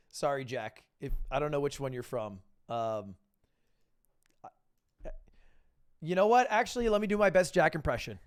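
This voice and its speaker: A man's voice: fairly high pitch, animated, unhurried, long pauses, clean tone, dry recording, studio quality. A young man streaming live, chatting casually and thinking aloud, with joking, mock-grand asides.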